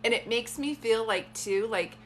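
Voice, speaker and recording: A woman with a bright, forward voice leads a live-streamed reading from her phone, chatting in loose asides. A faint hiss and a soft hum sit under her voice. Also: on the high side, normal speed. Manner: chatty, warm-toned, rambling asides. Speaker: psychic medium.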